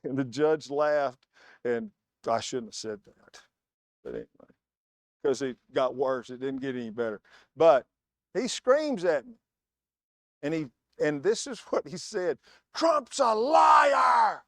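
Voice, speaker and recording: A man's voice: medium pitch, expressive, unhurried, pauses often, darkish tone, no echo, studio quality. A man preaching a sermon in a church, telling stories with emphatic, word-by-word stress. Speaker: guest preacher.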